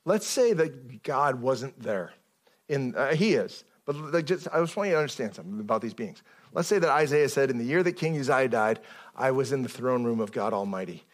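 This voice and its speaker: A man preaching a sermon in a conversational way, often stopping and restarting his sentences and rising in pitch as he stresses a point. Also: expressive, brisk. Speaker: pastor.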